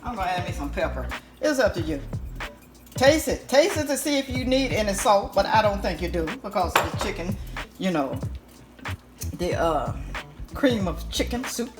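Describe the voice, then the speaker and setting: A woman talks viewers through a recipe in a casual, animated way, throwing in playful exclamations. Her voice has a medium pitch and sounds roomy in the kitchen. Loud background music plays under her talk. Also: moderate pace, long pauses. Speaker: home cooking channel host. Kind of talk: casual cooking demonstration. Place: home kitchen, stove sizzling.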